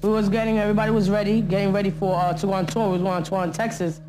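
A woman's voice: mid-range voice, little pitch movement, racing, over music. Woman telling a story in street slang. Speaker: interviewee. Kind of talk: candid documentary interview.

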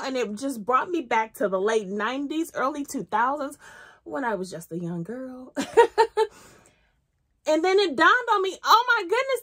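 A woman in her thirties chatting casually as she reviews a candle, excitable and full of ums. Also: mid-range voice. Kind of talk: casual chat.

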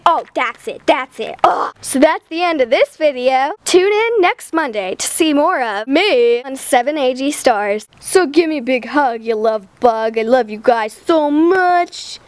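High-pitched bubbly girl vlogging outside in the sun, lots of oh my gods. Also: unhurried, hardly any pauses, no room sound. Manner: bubbly, giggly, lots of excited exclamations. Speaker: vlogger on a shared channel. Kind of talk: casual outdoor vlog. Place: outdoors in sunlight on grass.

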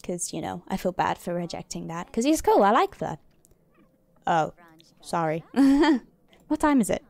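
A woman's voice: lowish voice, big pitch swings, unhurried, gravelly, a little mellow, no room sound. A woman streamer giving casual gameplay commentary, chatty and muttering to herself with mild swearing. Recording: dry sound with faint music behind.

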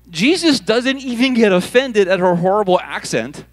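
A man from Hawaii preaching a sermon on a church stage, telling the story in a playful, animated way and repeating words as he goes. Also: sits high, normal speed, hardly any pauses. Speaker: pastor.

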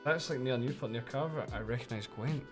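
Scottish male streamer, live game commentary, excitable and foul-mouthed, faint music under him. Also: medium pitch, brisk. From Scotland. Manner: excitable, swears freely, laughs often.

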